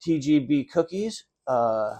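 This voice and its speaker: A man's voice: medium pitch, expressive, takes it slowly, dark tone. A man talking casually as a guest on a local talk show, rambling with many fillers and restarts. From California. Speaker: guest, cookie business owner. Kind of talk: casual interview chat.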